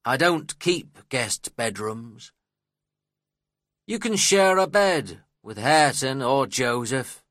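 A man's voice: medium pitch, animated, slow, a bit bright, no room sound, clean studio sound, voice pushed up. A man voicing a harsh, inhospitable middle-aged man in a storybook reading, speaking curtly and with scorn. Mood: scornful.

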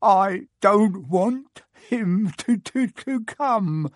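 A man's voice: sits high, lively intonation, drawn-out words, no echo, clean studio sound, voice pushed up, heavily acted. A man voicing a spoiled young boy who wails and stutters through fake sobs. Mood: whining. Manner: whiny, stuttering wail.

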